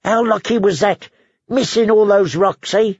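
A man doing a glum, deadpan young soldier with a croak. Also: high voice, unhurried, dry recording, voice pushed up, exaggerated voice. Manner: deadpan, tacks on a croaking "caw" and "eh". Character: gloomy young male soldier, mournful joker. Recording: dry, slightly dull recording.

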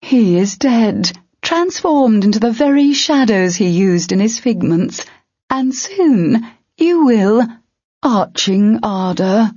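A woman reading an audiobook, voicing a grim, menacing female ogre who speaks slowly and heavily. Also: fairly high pitch, expressive, dark tone, slightly rough, no room sound, voice pushed up, full character voice. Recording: dull lo-fi.

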